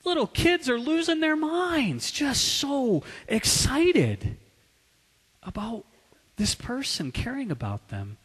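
A man preaching a sermon, swinging from loud, urgent passages to hushed, quiet asides. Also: very high-pitched, very animated, slow, husky, in a large hall. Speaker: pastor.

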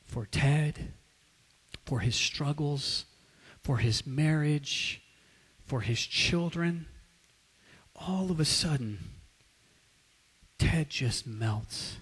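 A male preacher telling a story in a sermon, dramatic, swinging between loud and hushed. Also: a little high, breathy edge. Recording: long hall reverb.

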